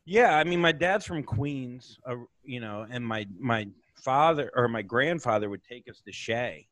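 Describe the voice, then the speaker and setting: A man's voice: mid-range voice, animated, unhurried, fairly bright tone, no echo. A man from Florida hosting a podcast, teasing and joking with his guest in casual chat. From Florida, USA. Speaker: podcast host.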